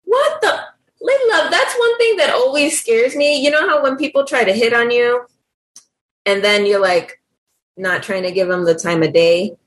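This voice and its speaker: A woman's voice: fairly high pitch, lively intonation, moderate pace, a bit bright. A young woman co-hosting a podcast, reacting with frequent swearing in casual chat. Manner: reactive, swears, laughs often. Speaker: podcast co-host.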